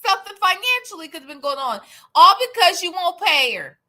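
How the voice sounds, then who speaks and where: A woman's voice: very high-pitched, very animated, a little fast, sharp tone. A woman hosting a live stream, giving casual commentary in a sassy, profane and dramatic way.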